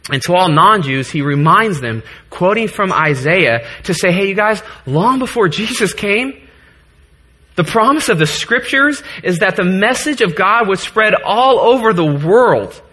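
A man's voice: high-pitched, lively intonation, measured pace, sharp tone, slightly rough. A man in his thirties preaching a sermon to his congregation in a church, earnest, joking at times and getting choked up. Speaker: pastor.

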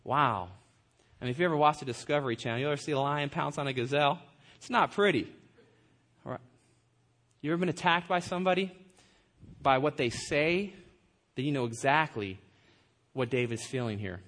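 A man's voice: a little high, fairly quick, pauses often, fairly bright tone. A man preaching a sermon in a conversational style, with rhetorical questions and self-deprecating humor. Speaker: pastor.

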